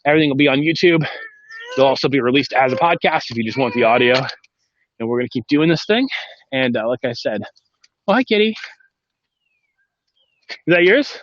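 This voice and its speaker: A man's voice: medium pitch, quick pace, highs cut off. A man hosting a casual live-stream podcast from inside a vehicle, chatting in a rambling way and talking to his kids between points. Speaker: podcast host.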